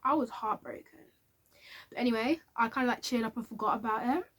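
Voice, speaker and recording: A woman's voice: fairly high pitch, fairly quick, a bit bright. A woman telling a candid personal story to camera in a chatty, casual way. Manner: chatty and candid, with many fillers. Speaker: vlogger.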